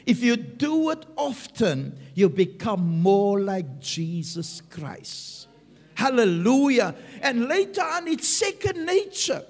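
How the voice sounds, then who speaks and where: A man preaches in a strikingly high voice that rises and falls with animated swings. He speaks slowly and emphatically, stopping often for an "Amen". The sound rings with the long reverb of a large church hall. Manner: emphatic, frequent "Amen" punctuating points. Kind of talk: sermon.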